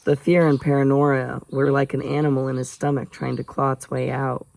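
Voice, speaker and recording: Gravelly man casually reading a novel aloud. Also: medium pitch, slight background noise, low-quality recording. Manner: chatty asides, jokes about own stumbles. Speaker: audiobook reader.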